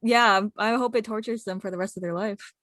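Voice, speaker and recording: Woman podcast co-host; blunt and backing her friend up, mid pitch, dry mic. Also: fairly even intonation, a little fast, fairly bright tone, dry recording. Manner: supportive, blunt, swears. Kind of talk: casual chat.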